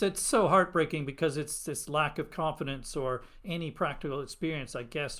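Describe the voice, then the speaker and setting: A man's voice: fairly high pitch, a bit bright. Engaged man hosting a podcast. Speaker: podcast host. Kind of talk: in-depth interview discussion.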